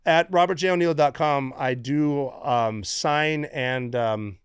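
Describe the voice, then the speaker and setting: Man, middle-aged, from the US, casual profane storyteller, clear smooth tone, dry close sound. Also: on the high side, takes it slowly, no echo. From United States. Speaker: guest, former Navy SEAL.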